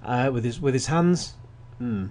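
A man with a mid-range, darkish voice goes a little slowly through a casual radio film review. He summarizes plots with wry side remarks and restarts frequently.

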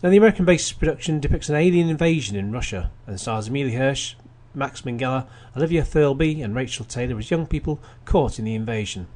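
A man's voice: medium pitch, lively intonation, quick pace, hardly any pauses, a little mellow. A man hosting a radio film show, reading plot summaries with wry asides and frequent restarts. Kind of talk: casual radio film review.

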